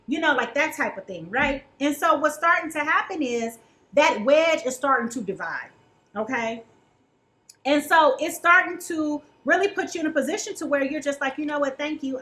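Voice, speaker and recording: A woman gives a casual tarot reading in a bright, sharp voice. She talks in a chatty, colloquial way and often stops to ask "okay?". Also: high-pitched, low-quality recording. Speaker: tarot reader.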